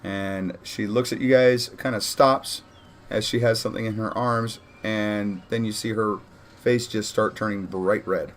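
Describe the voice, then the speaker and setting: A man's voice: on the low side, steady tone, unhurried, faint music behind. A man running a tabletop game as game master, narrating casually with frequent fillers and restarts. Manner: casual, rambling, with many fillers.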